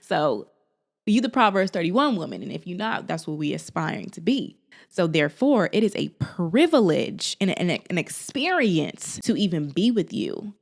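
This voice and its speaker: A woman talking to camera in a casual, encouraging vlog, animated and sassy, like a big sister, often breaking into laughs. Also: on the low side, normal speed, gravelly. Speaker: faith and lifestyle vlogger.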